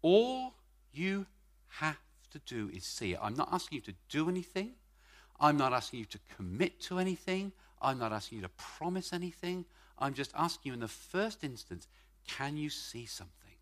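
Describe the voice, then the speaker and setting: A middle-aged man preaching a sermon at a church service, emphatic, stretching key words and swinging from loud to quiet. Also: on the high side, big pitch swings, moderate pace.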